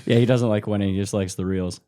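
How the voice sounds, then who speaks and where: A man's voice: on the low side, fairly even intonation, fast talker, warm tone, slight background noise. A man co-hosting a casual podcast chat, tossing in wry quips and teasing asides. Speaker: podcast co-host.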